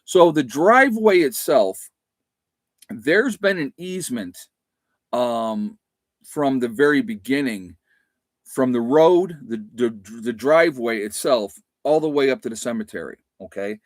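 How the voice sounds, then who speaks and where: Guy rambling on his livestream, lots of ums, dry close mic, mid pitch. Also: animated, a little slow, no echo. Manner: rambling, with many fillers and restarts. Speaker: livestream host. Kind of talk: casual live-stream chat.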